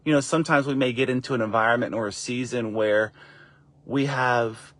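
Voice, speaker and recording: A middle-aged man and father telling a casual story to camera, lively and encouraging, jumping up in pitch when he acts out what others said. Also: normal speed. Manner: animated, acts out quoted voices with high pitch jumps; encouraging, faith-based wrap-up. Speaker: father and faith vlogger.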